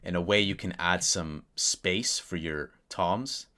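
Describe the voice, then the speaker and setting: A man's voice: deep voice, takes it slowly, very noisy. A man casually talking through a music production tutorial at his computer, thinking aloud with fillers. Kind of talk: casual screen-recorded tutorial. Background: keyboard clicks and typing.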